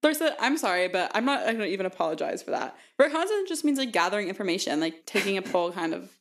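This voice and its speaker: A woman's voice: medium pitch, sing-song, fast talker, creaky, background noise. A young woman co-hosting a podcast, speaking in a teasing, matter-of-fact way. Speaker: podcast co-host. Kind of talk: casual chat.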